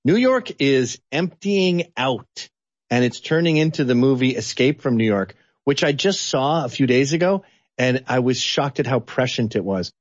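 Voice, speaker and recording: A man from Canada giving blunt, animated political opinions as an interview guest. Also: normal speed, dry recording, highs cut off. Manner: blunt, animated, sweeping pitch swings.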